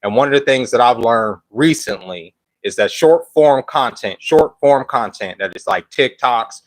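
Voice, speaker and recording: On a dry, low-quality recording, a man runs a live stream with animated, medium-pitched speech at a moderate pace. He's winded and phlegmy, welcoming viewers and chatting loosely, using slang and frequently starting over.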